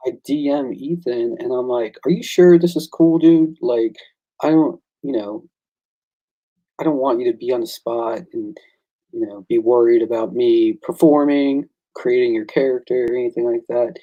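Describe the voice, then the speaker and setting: A man who creates and draws comics, chatting casually and excitedly, acting out the conversations he recounts. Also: medium pitch, moderate pace, lo-fi sound. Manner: excitable storyteller, acts out quoted exchanges. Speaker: comic book creator and artist. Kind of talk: casual chat.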